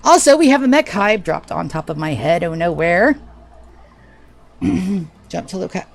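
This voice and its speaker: A woman's voice: on the low side, animated, measured pace, gravelly. A woman streaming a game live, chatting casually and swearing freely with a self-mocking, sarcastic manner. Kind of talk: casual live gameplay chat.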